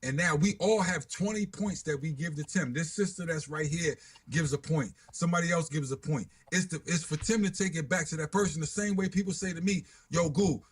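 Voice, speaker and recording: A man's voice: a little high, brisk, breathy edge. A man making his case insistently in a heated discussion, often repeating himself. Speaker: panelist in a debate.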